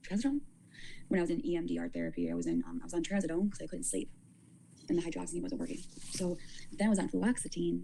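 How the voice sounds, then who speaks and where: Low gravelly woman rambling on a livestream. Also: sing-song, warm tone, slight background noise, low-quality recording. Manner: rambling, halting, repeats words. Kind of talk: casual livestream talk.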